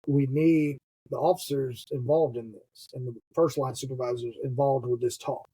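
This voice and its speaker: A man's voice: medium pitch, steady tone, normal speed, warm tone, slightly rough, rough recording. A middle-aged man with a Southern US accent, a podcast guest talking casually, swearing freely and laughing often. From US Gulf Coast. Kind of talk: casual conversation.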